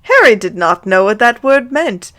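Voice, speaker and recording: A woman's voice: fairly high pitch, big pitch swings, normal speed, a bit bright. A young woman giving a comic, mock-earnest reading of fanfiction, breaking off for swearing asides. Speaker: reader of fanfiction.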